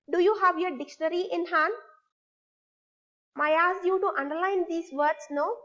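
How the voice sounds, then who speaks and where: Woman teacher, high voice, slow patient prompts, slightly dull lo-fi sound. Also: fairly bright tone. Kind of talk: recorded online English lesson.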